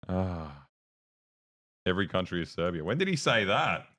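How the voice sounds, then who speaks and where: A man's voice: sits low, sing-song, normal speed, a bit bright. A young man co-hosting a livestream who tells rambling stories in casual chat, full of fillers and restarts. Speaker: streamer, co-host.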